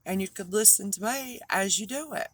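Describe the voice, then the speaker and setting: A woman's voice: mid-range voice, moderate pace, no echo. A middle-aged woman with a thick Southern drawl, chatting casually and rambling in a vlog to her regular viewers. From North Carolina, US. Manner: rambling, chatty, trips over words. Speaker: online reseller and host.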